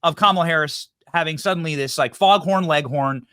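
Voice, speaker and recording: A male host running a political interview in an animated, mocking way, often restarting his sentences. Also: a little high, fairly quick, dry recording, studio quality.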